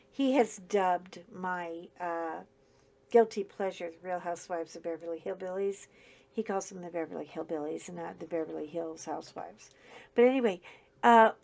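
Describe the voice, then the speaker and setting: A middle-aged woman hosting a casual chat while coloring, telling stories in a chatty, animated way with emphatic outbursts. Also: mid-range voice, gravelly. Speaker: host.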